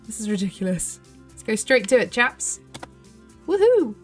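Woman, 30, British accent, fairly high voice, chatty gameplay commentary, bubbly and excitable, faint music behind. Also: normal speed, slightly rough. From United Kingdom. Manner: chatty, bubbly, thinks aloud with gasps and squeals. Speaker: gaming channel host.

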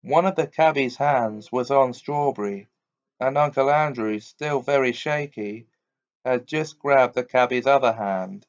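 A man reading a children's novel aloud as audiobook narration in a measured, deliberate way. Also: medium pitch. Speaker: audiobook reader. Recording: dull lo-fi recording.

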